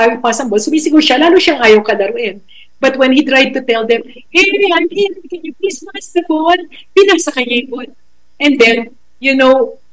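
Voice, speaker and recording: A middle-aged woman with a Filipino accent, a school educator giving a talk on raising children, slow and emphatic, switching languages, telling stories. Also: fairly high pitch, poor audio. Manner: code-switching, storytelling, slow emphatic phrasing.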